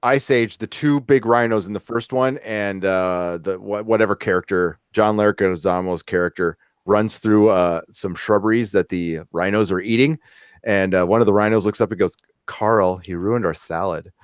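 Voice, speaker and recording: A man's voice: fairly low pitch, moderate pace, clean tone, no echo, clean studio sound. A man co-hosting a podcast, laid-back and laughing a lot, swearing casually as he tells stories. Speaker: podcast co-host. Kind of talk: casual chat.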